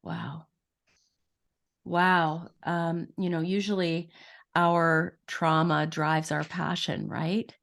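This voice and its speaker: Slow, low-voiced woman podcast host. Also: fairly even intonation, gravelly, fairly bright tone. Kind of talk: reading a guest introduction, then casual interview.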